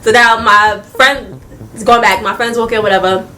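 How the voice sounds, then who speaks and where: A young woman telling a casual storytime vlog, animated and laughing often, talking straight to her viewers. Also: mid-range voice, normal speed. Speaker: vlogger.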